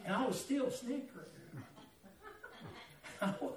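A man's voice: very high-pitched, lively intonation, slow pace, crowd noise. A middle-aged man with a Southern American accent telling a personal story in a sermon, folksy and laughing through the tale. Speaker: pastor. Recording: echoey, from a distance.

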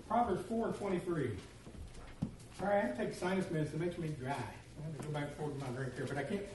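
High-voiced pastor in an echoey room. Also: male voice, fast talker. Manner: storytelling, humorous, animated. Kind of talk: sermon. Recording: echoey room, distant mic, faint noise.

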